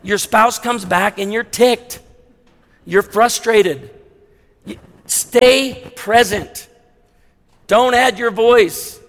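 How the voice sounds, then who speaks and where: High-voiced pastor preaching in a hall. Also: male voice. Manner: animated, shifts between hushed emphasis and loud punchy delivery. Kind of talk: sermon. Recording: long reverb of a large hall.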